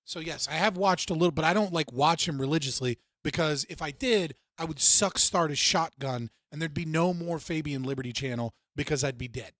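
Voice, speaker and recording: Guy ranting on his stream, cussing a lot, a bit high voice, dead dry sound. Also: brisk, hardly any pauses, fairly bright tone, no echo. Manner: heated, sarcastic, swears often. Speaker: livestream host reacting to clips. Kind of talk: profane livestream commentary.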